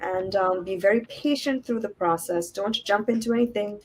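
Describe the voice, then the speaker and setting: A woman guest in a casual chat, giving calm, earnest words of caution. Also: mid-range voice, normal speed, slight background noise, low-quality recording.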